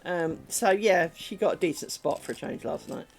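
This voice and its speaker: A British woman chatting casually on a crafts livestream, telling rambling, animated stories full of ums and the odd swear word. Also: fairly low pitch, moderate pace. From Britain. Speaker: crafts streamer.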